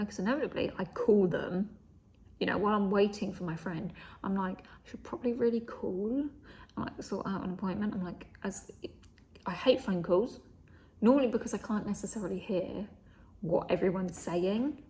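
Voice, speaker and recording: A woman's voice: mid-range voice, moderate pace, darkish tone. A young woman casually telling a story, swearing freely and acting out what people said, often dropping to a whisper. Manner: chatty, swears, acts out quoted dialogue, often drops to a whisper. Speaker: vlogger.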